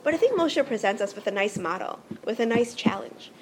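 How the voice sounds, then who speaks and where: A woman's voice: on the high side, animated, a little fast, darkish tone, slight background noise. A woman teaching a religious text, earnest and explanatory, often checking in with "right?".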